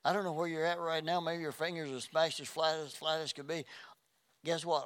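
A man's voice: fairly high pitch, level tone, a little fast, fairly bright tone. Pastor, male, earnest sermon delivery, repeats himself, trips on archaic words. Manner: earnest, repeats phrases, stumbles over scripture words.

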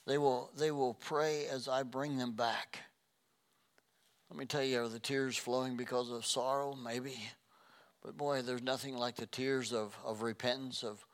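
A man preaching a sermon, earnest, often repeating phrases and stumbling over old scripture words. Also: medium pitch. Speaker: pastor.

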